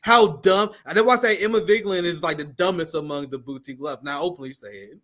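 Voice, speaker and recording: A man with a fairly high voice hosts a political livestream. He talks in a heated, blunt way, swears freely, and reads out viewer donations. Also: fast, a bit bright. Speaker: host. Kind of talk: live-stream political commentary.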